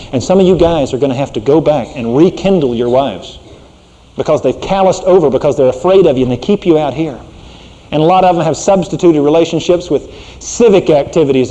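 A middle-aged man preaching a sermon as a pastor, folksy and conversational, dropping to a hushed tone for serious points. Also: fairly high pitch, big-room sound, lo-fi sound.

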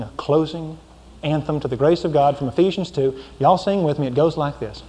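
A man preaching a sermon and pleading softly with his listeners. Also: fairly high pitch, fairly quick. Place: church. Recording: reverberant hall, faint noise.

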